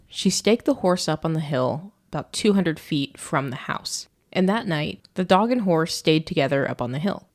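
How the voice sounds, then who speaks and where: A woman co-hosting a podcast, reading a story aloud and breaking off for joking asides. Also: deep voice. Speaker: podcast co-host.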